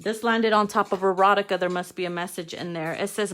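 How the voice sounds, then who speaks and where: A woman doing a casual tarot card reading, frank and playful, swearing freely, calling her viewers darling, and slowing down to read card text aloud. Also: mid-range voice, fairly even intonation, a bit bright.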